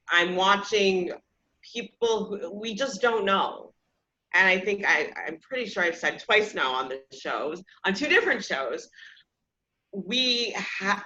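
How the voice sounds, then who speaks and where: A woman's voice: mid-range voice, sharp tone. A woman in her thirties hosting a podcast, telling personal stories in a candid, self-deprecating way and often laughing at herself. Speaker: podcast host. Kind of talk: casual personal storytelling. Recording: slightly dull lo-fi sound.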